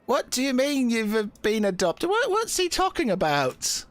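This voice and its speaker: A man's voice: very high-pitched, wildly swooping pitch, measured pace, no room sound, soft background music, voice pushed up, full character voice. A man voicing a fussy old woman who looks after children in a tabletop game. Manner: fussy, scolding.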